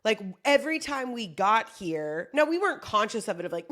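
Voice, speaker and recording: A woman's voice: mid-range voice, normal speed. A woman comedian delivering a casual motivational monologue, joking and swearing freely as she talks. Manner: profane, joking, animated. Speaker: comedian giving a pep talk.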